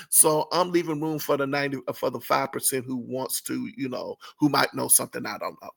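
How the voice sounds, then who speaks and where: A man's voice: mid-range voice, steady tone, brisk, vocal fry, few pauses. A man hosting a casual commentary channel, chatty and full of fillers and self-corrections, often breaking into amused laughter. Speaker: entertainment commentary host.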